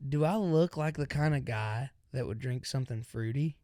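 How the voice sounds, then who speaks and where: A man's voice: mid-range voice, moderate pace, no room sound. A young man co-hosting a podcast, telling a story in casual chat and acting out the voices of the people in it. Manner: animated storyteller acting out quotes. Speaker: podcast co-host.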